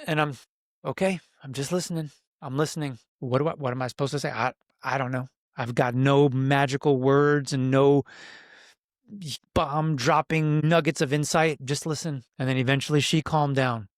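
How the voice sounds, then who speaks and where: A man's voice: medium pitch, steady tone, normal speed, dry recording, studio quality. A middle-aged man, a coach for men, telling a personal story on a podcast in an earnest, reflective way and acting out his own inner voice. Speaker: podcast guest, men's coach.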